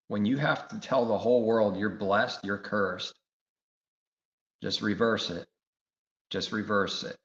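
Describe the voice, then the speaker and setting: A man's voice: on the low side, fairly even intonation, measured pace, long pauses, a bit bright. A man preaching a sermon, emphatic and repetitive, firing rhetorical questions. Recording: echoey room, dull lo-fi sound.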